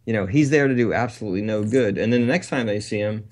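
A man co-hosting a talk radio show, chatting casually in a rambling, animated way and laughing between points. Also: lowish voice, fast talker. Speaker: co-host.

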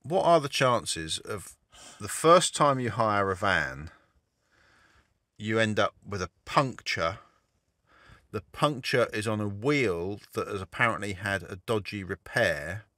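Wry low-voiced man vlogging. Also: expressive, slow pace, bright, forceful tone, no room sound, studio quality. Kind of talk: casual vlog narration. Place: campervan trip outdoors.

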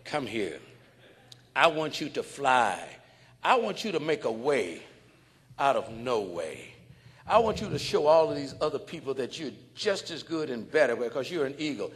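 A man voicing a gentle, caring man who softly coaxes a bird, in a low hushed tone. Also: expressive, unhurried, natural voice. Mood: coaxing. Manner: low soft coaxing. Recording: long hall reverb.

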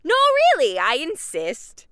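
A man doing a fussy high-voiced helper woman. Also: wildly swooping pitch, measured pace, sharp tone, slight background noise, exaggerated voice. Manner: insistent, apologetic. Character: overly helpful fussy woman.

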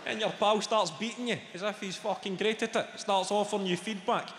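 A Scottish man in his thirties doing a stand-up comedy set, sweary and animated as he banters with the crowd. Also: sits high, a little fast, very noisy. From Scotland. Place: large theatre stage. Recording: live theatre mic, long hall reverb. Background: audience ambience.

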